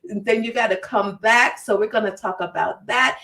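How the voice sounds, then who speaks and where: A woman from Jamaica hosting a casual podcast chat, talkative and quick to laugh. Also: medium pitch, fairly even intonation, sharp tone, far from the mic. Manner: chatty, laughs often. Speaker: podcast host.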